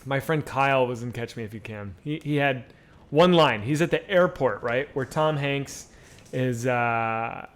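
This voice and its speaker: A man's voice: mid-range voice, unhurried. A man live-streaming a game and chatting casually with his viewers, rambling and swearing freely. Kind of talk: casual live-stream chat while gaming.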